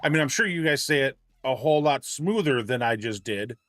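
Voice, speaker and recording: A man's voice: mid-range voice, animated, brisk, a bit bright, no room sound, studio quality. A man chatting casually with his livestream audience, rambling and poking fun at himself as he trips over words. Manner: chatty, self-deprecating, stumbles over words. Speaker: game streamer. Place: home streaming setup.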